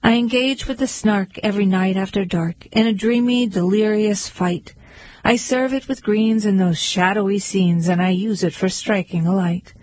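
A woman's voice: mid-range voice, steady tone, moderate pace, a little mellow, dry recording, natural voice, poor audio. A woman voicing a meek tearful baker. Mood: fearful. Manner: meek, mournful. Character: mild tearful male baker.

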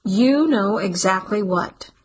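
A woman reading the part of a mother who snaps at her daughter and then regrets it, in a sharp, hissing voice. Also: medium pitch, lively intonation, slow, husky. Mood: angry. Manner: sharp, hissing when furious. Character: angry remorseful mother at a restaurant.

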